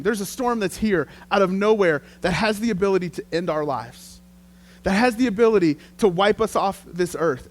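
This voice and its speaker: A man preaching a sermon as pastor, telling the story in a lively, conversational way. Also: high voice.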